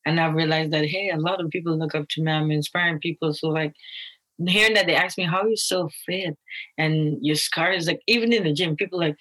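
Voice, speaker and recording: A young woman from Guyana speaks in a casual, loose interview manner, stacking fillers and restarting her sentences. Her voice sits a little low for a woman. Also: a little fast, poor audio. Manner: casual, many fillers and restarts, quotes others in lively voices. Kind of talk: candid interview talk.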